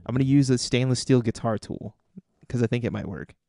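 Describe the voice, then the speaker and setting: Young male co-host, dry wry humor, mid-pitched voice, close dry mic. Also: fairly quick, gravelly, mellow, dry recording. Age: young adult. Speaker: podcast co-host. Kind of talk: casual chat.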